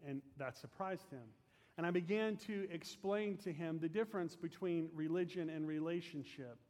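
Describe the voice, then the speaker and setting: Man, pastor, fervent sermon, fairly high voice, long hall reverb. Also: normal speed. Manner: earnest, fervent, drops soft at phrase ends. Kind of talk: storytelling sermon closing in prayer.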